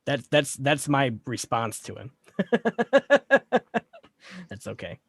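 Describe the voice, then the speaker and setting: Male stream host, mid-pitched, relaxed chat, dry close mic. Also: takes it slowly, breathy edge, no echo. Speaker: livestream host. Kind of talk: casual chat, reading viewer comments.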